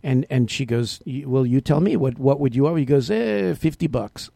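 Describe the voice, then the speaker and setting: A man's voice: medium pitch, a little fast, vocal fry, dark tone, no echo, studio quality. A man co-hosting a casual talk show, playful and teasing, telling jokes. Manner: playful, teasing, tells jokes with put-on voices. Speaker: co-host.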